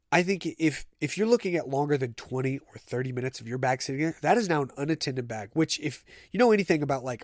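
A man's voice: medium pitch, dry recording, clean studio sound. A man hosting a casual solo podcast, telling stories in a chatty, conversational way. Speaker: podcast host.

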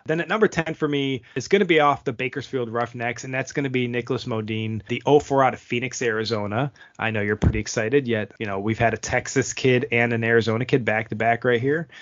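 A man co-hosting a hockey podcast in casual chat, rambling and animated, laughing at his own stumbles. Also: medium pitch, fairly quick, hardly any pauses. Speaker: podcast co-host. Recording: dull lo-fi audio.

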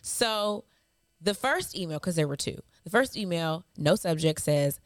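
A woman's voice: fairly low pitch, animated, a little slow, no echo, clean studio sound. A woman in her thirties co-hosting a podcast. She talks in a sassy, mocking way and reads hate mail aloud, laughing as she goes. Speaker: podcast co-host. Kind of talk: casual chat.

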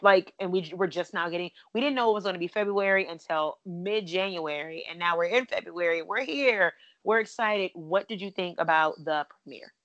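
A woman's voice: lowish voice, a little fast, few pauses, a bit bright, no room sound, lo-fi sound. Chatty woman podcast host, dry close sound. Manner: chatty, bubbly, many asides. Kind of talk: casual podcast chat.

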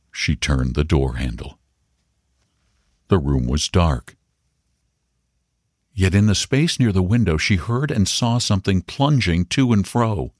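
A man with a deep voice reads a story aloud with a very expressive, wide-ranging delivery. He measures his pace and slows down for tense moments. The recording is dry and close. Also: no room sound. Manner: measured, slowing for suspense. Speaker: narrator. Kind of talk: dramatic story reading.

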